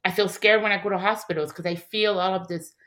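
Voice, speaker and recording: Woman from Montreal, halting candid storytelling. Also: mid-range voice, steady tone, fairly bright tone. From Montreal, Canada. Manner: emotional, halting, restarts sentences, acts out others' voices. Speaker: interview guest.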